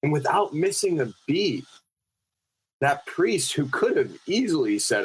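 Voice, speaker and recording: Animated spiritual male storyteller. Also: on the high side, normal speed, slight background noise, low-quality recording. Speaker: podcast guest. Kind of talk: casual conversation.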